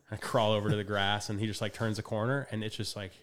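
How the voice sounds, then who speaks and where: A man's voice: lowish voice, fairly even intonation, fast talker, fairly bright tone. A young adult man, a guest in a casual podcast conversation, who tells a story with energy, acts out quotes and laughs often.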